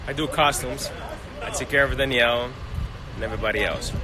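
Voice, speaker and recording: A man's voice: mid-range voice, brisk, music in the background, poor audio. A man who works as a costumer on a film set, giving modest, brief replies outdoors.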